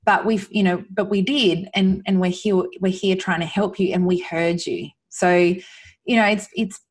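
A woman's voice: lowish voice, fairly even intonation, measured pace, slightly rough. A woman as a podcast guest, talking earnestly and from the heart about her son, with many restarts and fillers. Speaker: guest, mother sharing her son's recovery. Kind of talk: emotional podcast conversation.

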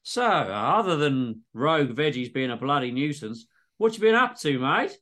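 A man's voice: medium pitch, big pitch swings, normal speed, a bit bright. A man voicing a cheery Australian doctor with an exaggerated Australian accent and a breezy manner. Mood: jovial. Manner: jovial, breezy. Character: cheery male Aussie doctor, middle-aged. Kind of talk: comedy story reading.

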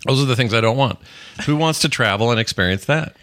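A man's voice: mid-range voice, animated, fast talker, fairly bright tone, no room sound. A middle-aged man hosting a casual live-streamed podcast chat, rambling and full of puns. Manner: jokey, rambling, punning. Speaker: podcast host.

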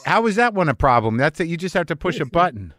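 A man hosting a podcast, talking in a rambling, sardonic way that swings between loud outbursts and hushed asides. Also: fairly high pitch, sing-song, fast talker, dry recording. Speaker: podcast host. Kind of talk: conversational monologue.

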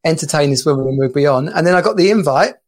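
A man on a casual podcast, telling lively anecdotes with bursts of laughter. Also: on the high side, fast. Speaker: podcast co-host. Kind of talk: casual chat.

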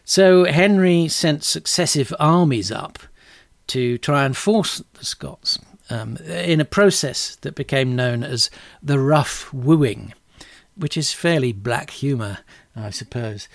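A man's voice: medium pitch, animated, slow, vocal fry, no echo, clean studio sound. A middle-aged man telling history in a casual, chatty way, with wry asides. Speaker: podcast host.

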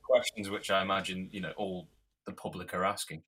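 A man's voice: deep voice, level tone, a little fast, bright, forceful tone, breathy edge. A man co-hosting a casual chat, chiming in with short jokes. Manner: joking, brief interjections. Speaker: co-host.

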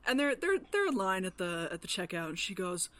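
A woman co-hosting a casual podcast chat, telling a story haltingly with many fillers. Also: medium pitch, sing-song, no echo. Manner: hesitant storytelling with many ums and uhs. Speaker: podcast co-host.

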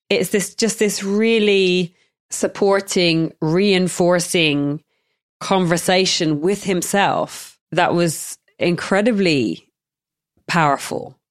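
Low-voiced woman podcast host. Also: dry recording, clean studio sound. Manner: reflective, affirming. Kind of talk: conversational interview.

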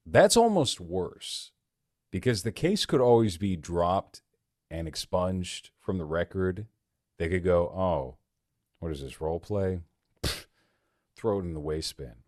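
Blunt low-voiced male podcast co-host. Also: expressive, a little slow, darkish tone, no room sound, clean studio sound. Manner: blunt, provocative, gross-out jokes, cuts in. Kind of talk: casual crude banter.

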